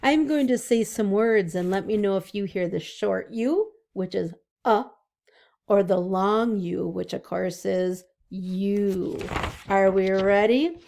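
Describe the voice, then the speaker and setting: Slow, gravelly-voiced kindergarten teacher woman. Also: mid-range voice, warm tone. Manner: slow, sing-song, drawn-out words for small children. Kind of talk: distance-learning phonics lesson for young children.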